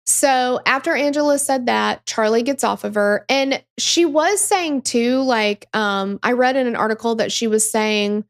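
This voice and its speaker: A woman's voice: fairly high pitch, unhurried, hardly any pauses. A woman hosting a true crime podcast, telling the story in a casual, emphatic way and swearing freely.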